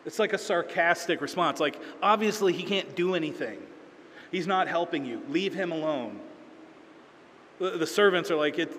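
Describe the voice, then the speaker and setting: A man's voice: a little high, moderate pace, a bit bright, a little hiss or hum. Man preaching a conversational sermon in a hall. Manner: conversational storytelling with acted-out quotes. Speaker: pastor. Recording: reverberant hall, faint ambience.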